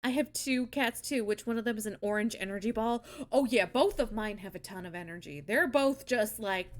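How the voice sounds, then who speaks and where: A woman's voice: medium pitch, normal speed, hardly any pauses. A young woman chatting casually as a stream host, bubbly and giggly, swearing freely. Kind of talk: casual chat.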